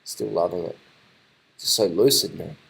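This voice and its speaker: A man talks over race footage in a loose, rambling way. His voice sits on the low side, and he gets excited, swears casually and keeps repeating himself as he reacts. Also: moderate pace, creaky, slightly rough, poor audio. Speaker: vlogger commenting on race footage. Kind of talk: casual live commentary over video.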